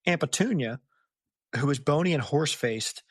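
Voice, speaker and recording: A man's voice: a little high, normal speed, no room sound, clean studio sound. A young adult man hosting a podcast, chatting casually about a book and acting out the quoted lines. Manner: animated storyteller, acts out quoted lines. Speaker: podcast host. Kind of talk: casual book-discussion chat. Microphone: close podcast mic.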